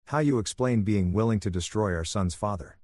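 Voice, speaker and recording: Guy doing an icy calm husband out for payback, lowish voice, super dry audio. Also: fairly quick, dry recording, natural voice. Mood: cold. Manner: calm, controlled, menacing. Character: cold, vengeful betrayed husband, adult man.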